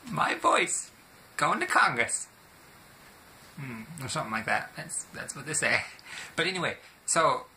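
A young American man chats to his viewers in a playful, joking vlog. His voice is very bright and forceful. A faint hiss of noise sits behind him. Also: fairly low pitch. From United States. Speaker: vlogger. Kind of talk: casual vlog monologue.

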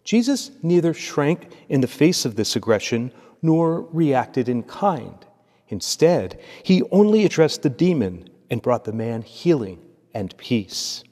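A man as a priest, reading scripture and preaching a homily in a measured, steady cadence. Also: mid-range voice. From United States. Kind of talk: liturgy and homily. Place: church. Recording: long church reverb.

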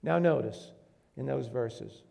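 A man's voice: medium pitch, slow pace, vocal fry, warm tone. A man preaching a sermon to a congregation in a church, earnest, asking the room questions and rising to emphatic bursts. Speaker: pastor.

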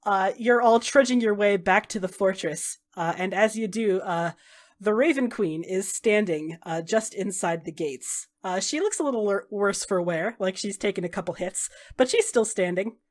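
A woman's voice: medium pitch, normal speed. A woman narrating a tabletop game as game master, casual with many fillers.

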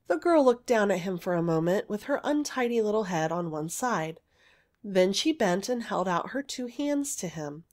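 A woman narrating a fairy story aloud in an expressive, gentle storytelling manner. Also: medium pitch, moderate pace.

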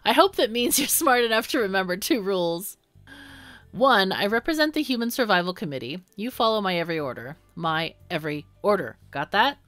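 A rude, bossy factory overseer from a dystopian video game, read aloud by a woman. The lines are barked out as orders, with scornful jabs and lively swings in pitch. The sound is close and dry. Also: brisk, no echo, soft background music. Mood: gruff. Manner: barking orders, insulting.

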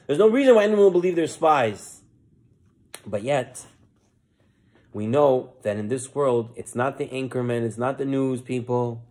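A rabbi giving a relaxed, conversational sermon and telling a joke story, with joking asides. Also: male voice, medium pitch.

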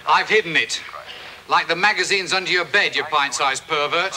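An actor with a British accent playing a dry, sardonic gentleman ghost in a 1980s sitcom, full of theatrical put-downs. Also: a little high, normal speed, lightly acted. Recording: hissy old VHS TV broadcast.

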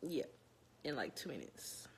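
A woman's voice: very deep voice, sing-song, unhurried, a little hiss or hum. A young woman from Louisiana, chatting casually to viewers at home while nervous before an interview. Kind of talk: casual chat. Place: home, indoors.

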